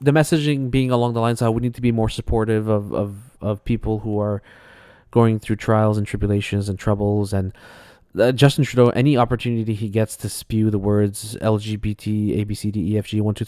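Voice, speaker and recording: A man's voice: lowish voice, steady tone, brisk, dark tone, no echo. A man from Canada co-hosting an online talk show. He talks loosely and laughs a lot. His voice is close to the mic and dry. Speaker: co-host. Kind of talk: casual chat.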